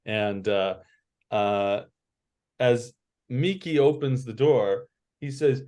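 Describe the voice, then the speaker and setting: A man narrating a tabletop role-playing game as game master, halting and full of fillers. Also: medium pitch, mellow.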